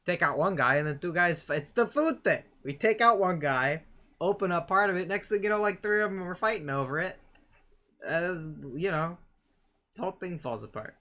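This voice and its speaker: A man playing a tabletop game, talking in an excitable, rambling way. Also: high voice, a little fast. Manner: excitable, rambling, self-mocking. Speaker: player. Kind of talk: casual tabletop game chat.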